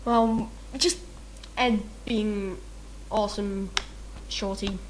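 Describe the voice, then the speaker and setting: A woman's voice: medium pitch, fairly even intonation, drawn-out words, background noise. A woman rambling through a questionnaire in casual chat, giggly and self-mocking, with lots of ums and uhs. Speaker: video maker answering a meme questionnaire.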